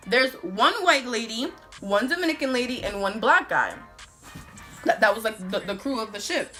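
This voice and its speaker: A woman telling a storytime vlog in an animated, profane, slangy way. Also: on the high side, fairly quick, soft background music. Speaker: vlogger.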